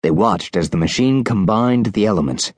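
A male audiobook narrator reading a children's story with lively, animated delivery. His voice sits on the low side and moves a lot, recorded close and dry. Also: moderate pace, dry recording. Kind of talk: scripted narration.

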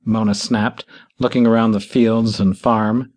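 A man narrating an audiobook in an expressive storytelling style. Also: fairly low pitch, unhurried. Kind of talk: scripted narration.

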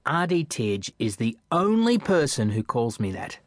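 A man narrating a children's audiobook in a playful, expressive storytelling manner. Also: medium pitch, measured pace, dry recording, clean studio sound.

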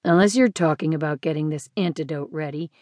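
Woman reading a surly grumbling man, gruff, curt, low voice, dry close sound. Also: a little fast, darkish tone, dry recording, natural voice. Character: gruff surly male island mixer.

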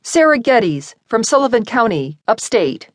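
A woman narrator voicing a fiery young woman homeowner who makes forceful demands in an audiobook. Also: fairly high pitch, big pitch swings, a little slow, no echo, studio quality, voice pushed up. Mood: angry.

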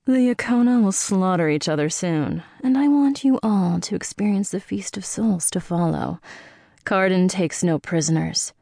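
A woman voicing a manipulative female elder who is ancient and calculating, speaking in a smooth, persuasive way in an audiobook. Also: lowish voice, moderate pace, dark tone, no room sound, clean studio sound.

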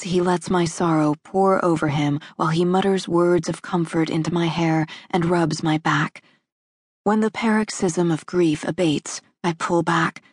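A woman narrating a first-person romance in a measured, intimate reading. Her voice sits on the low side with a husky, breathy grain. The studio recording is dry and close, with no room around it. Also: darkish tone, no room sound. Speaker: audiobook narrator.

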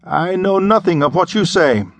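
A man voicing a sullen, defiant foreign agent with a thick put-on accent, raised well above his own pitch, in an audiobook. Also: expressive, moderate pace, no room sound.

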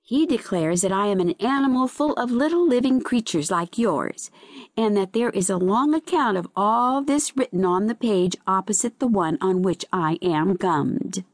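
A woman voicing a chatty seaweed that mocks others and is quick to laugh, in a high, lilting voice. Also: no room sound, clean studio sound. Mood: mocking. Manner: lively, high-pitched, lilting.

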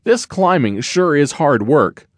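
A male narrator voices a lost little bear cub for a children's audiobook, pitching him well above a grown man's range in an exaggerated, bouncy, lively sing-song. The cub sounds earnest, plaintive, and breathy with effort, weary yet determined, speaking slowly in a dry, close recording with no room sound.

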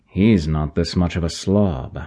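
A man's voice: low voice, a little slow, dark tone. A man playing a blunt, dry-humored military major in an audiobook. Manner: dry, commanding.

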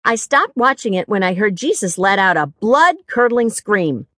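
A woman narrating a first-person mystery audiobook in a wry, expressive way, recorded on a studio mic. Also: medium pitch, normal speed, no echo.

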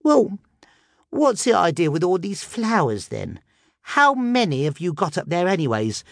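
Mrs. Hudson, as a male narrator puts her on, a shrill nagging landlady. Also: wildly swooping pitch, a little slow, vocal fry, dry recording, clean studio sound, exaggerated voice. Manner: shrill, grumbling, demanding. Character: shrill nagging older landlady, small and fierce.

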